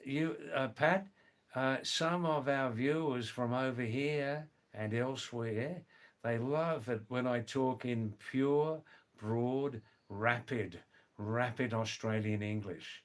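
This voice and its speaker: Speaking slowly in a mid-range voice, a man runs a casual livestream from indoors while the power is out. He reads comments, chats with viewers, greets them by name, and laughs often.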